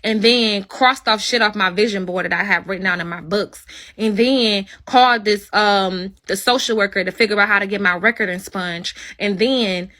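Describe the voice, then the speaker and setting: Woman, livestream host, profane, confrontational, bright sharp tone, phone mic. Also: medium pitch, moderate pace. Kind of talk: angry livestream rant.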